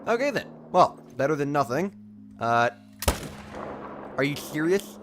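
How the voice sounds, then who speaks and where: A man's voice: mid-range voice, expressive, normal speed, pauses often, music in the background. A young man chatting casually on a live gaming stream, reading chat and talking through a nagging cough. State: sick with a cough.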